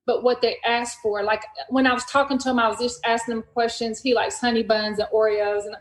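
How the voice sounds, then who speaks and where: A woman's voice: on the high side, a little fast, roomy sound, poor audio. A woman hosting a podcast, telling a story in casual conversation and acting out the dialogue as she goes. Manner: animated retelling, acts out dialogue in quotes. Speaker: podcast host.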